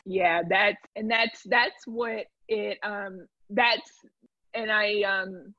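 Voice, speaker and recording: A woman speaking as a guest in a candid conversation, earnest and reflective, often pausing and restarting. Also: mid-range voice, steady tone, pushed and bright, no echo. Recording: dry, dull lo-fi sound.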